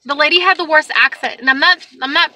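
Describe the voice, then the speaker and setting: A woman vlogger telling a story to the camera from her car, animated and exasperated as she acts out the people she talks about. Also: high voice, fast talker. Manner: animated, exasperated retelling with acted-out quotes.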